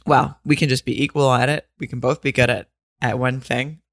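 A woman's voice: a bass voice, steady tone, fairly quick, dry recording. Laughing woman co-hosting a podcast, dry sound. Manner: joking, self-mocking, laughs often. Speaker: podcast co-host. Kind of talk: casual chat. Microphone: remote call setup at home.

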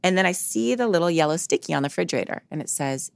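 A woman's voice: lowish voice, lively intonation, quick pace, vocal fry, no echo. A woman psychologist, a guest in a podcast interview, telling stories earnestly and acting out the quoted dialogue.

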